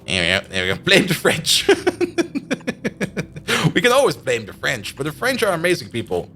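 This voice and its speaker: A man's voice: fairly high pitch, huge pitch swings, normal speed, bright, forceful tone, a little hiss or hum. A man streaming a game live, chatting and thinking aloud as he plays and laughing often. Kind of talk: live stream commentary while playing.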